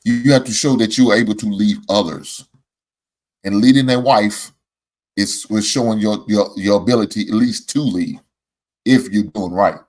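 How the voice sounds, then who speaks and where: A man's voice: lowish voice, moderate pace, a little mellow, rough recording. A middle-aged man hosting a casual debate chat, emphatic and preachy, repeating phrases for effect. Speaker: podcast host.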